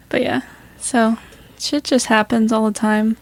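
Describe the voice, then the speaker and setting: A woman co-hosting a casual podcast, a little hoarse, chatty and laughing often as she rambles through stories. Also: fairly high pitch, flat delivery, slow pace. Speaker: podcast co-host. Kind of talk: casual chat.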